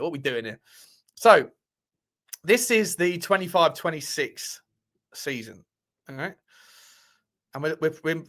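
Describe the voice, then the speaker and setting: A man's voice: fairly high pitch, fairly bright tone. A man hosting a casual football livestream, chatty and thinking aloud, swearing now and then. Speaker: football channel host.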